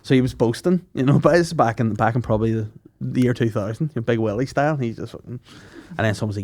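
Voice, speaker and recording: A man's voice: medium pitch, quick pace, few pauses, a little mellow, dry recording. Northern Irish man in crude banter. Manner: crude banter, laughs a lot. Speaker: podcast guest. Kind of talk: casual chat.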